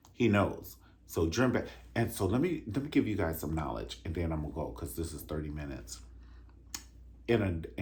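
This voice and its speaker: A man vlogging casually, animated and chatty, calling his viewers honey and singing out drum rhythms. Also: low-pitched. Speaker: vlogger reviewing a dance concert. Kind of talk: casual chat.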